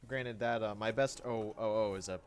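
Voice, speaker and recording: A man's voice: fairly low pitch, steady tone, normal speed, music in the background. A man explaining his speedrun times on a stream in a matter-of-fact way. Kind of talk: live-stream commentary.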